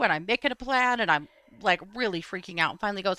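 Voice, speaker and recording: A woman's voice: on the low side, lively intonation, fast, bright, forceful tone, no echo, clean studio sound. A woman co-hosting a casual true crime chat show, telling stories in a wry way. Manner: storytelling, wry, frequent "mm-hmm". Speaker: podcast co-host.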